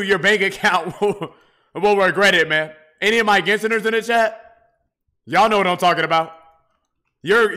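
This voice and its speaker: Man, gaming streamer, tipsy, rowdy and profane, bright voice. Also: high voice. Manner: profane, rowdy, talks straight to chat. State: tipsy from drinking. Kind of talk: casual gaming livestream chat.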